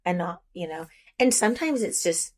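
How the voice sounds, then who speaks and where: A woman's voice: on the low side, animated, a little mellow. A woman realtor telling work stories in a casual, chatty podcast conversation, from the United States. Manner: chatty, quick asides, storytelling. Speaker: realtor guest.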